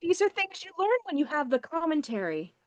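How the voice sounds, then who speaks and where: Woman, young adult, co-host, brief asides, high pitch, dry close sound. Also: very animated, fairly quick, dry recording, lo-fi sound. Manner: chimes in briefly with asides and film trivia, laughs along. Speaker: co-host, daughter. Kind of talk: casual movie chat.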